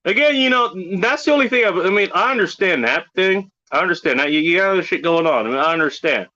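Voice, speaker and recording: A man hosting a livestream talks in a lively, swooping voice, bright and a little forceful. His chat is loose, rambling and full of swearing. The audio is dull and lo-fi. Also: high voice, fast talker. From Pacific Northwest of the US. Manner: profane, rambling, animated. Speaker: livestream host.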